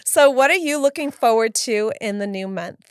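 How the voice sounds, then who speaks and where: A bubbly, teasing woman in her forties co-hosting a live podcast, chatting casually with frequent laughs. Her fairly high voice is smooth and resonant, and the recording is dry and close. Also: animated, normal speed, dry recording. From Southern California. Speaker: podcast co-host. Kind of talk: casual chat.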